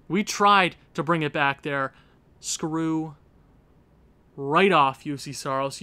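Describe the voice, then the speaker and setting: A man's voice: on the high side, a little slow, bright, forceful tone, dry recording. A young man hosting a hockey game let's-play, thinking aloud over lineup choices and talking at the players on screen with exasperated outbursts. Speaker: gaming channel host.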